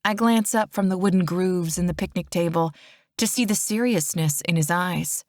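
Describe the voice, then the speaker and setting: A woman narrates a first-person romance audiobook in a steady, intimate way. Her voice sits on the low side, and the close mic gives a dry, roomless sound. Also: normal speed, no room sound.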